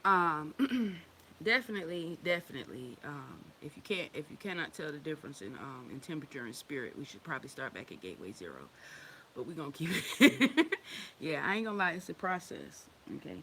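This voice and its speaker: A woman talks straight to her followers on a livestream. Her voice sits a little low, and she swears freely and laughs often. Under the profanity she is candid and affectionate, and a faint hiss runs behind her. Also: very animated, fairly quick, bright, forceful tone. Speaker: women's wellness group leader. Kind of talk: casual livestream talk.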